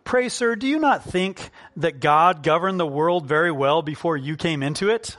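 A man's voice: a little high, moderate pace, a bit bright, close to an everyday voice. A man voicing a humble, polite male servant from centuries past, asking courteous questions in a raised, lifted voice. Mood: politely probing.

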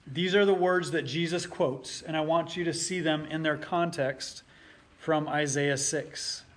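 A man preaching a sermon as pastor, with a voice pitched a little above the usual for men. He reads scripture aloud with mounting force, then drops back to explain it in plain terms. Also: fairly even intonation, a little slow.

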